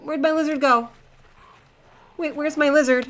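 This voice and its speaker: A woman's voice: sits high, steady tone, moderate pace, a bit bright. A young woman streaming a game live, chatting to herself and her in-game pets in a flustered, talkative way. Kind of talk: live gameplay commentary.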